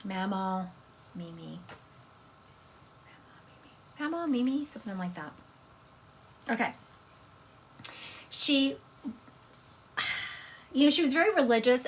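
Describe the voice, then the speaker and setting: A woman's voice: medium pitch, a bit bright, slight background noise. A woman with a Southern US accent, a psychic medium chatting casually and rambling on a live stream. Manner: chatty, rambling, self-correcting.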